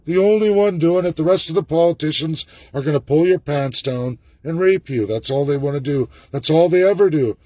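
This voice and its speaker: A man's voice: medium pitch, a little mellow, no room sound. A Canadian man, a political candidate, giving a fervent, repetitive ranting video monologue with urgent appeals.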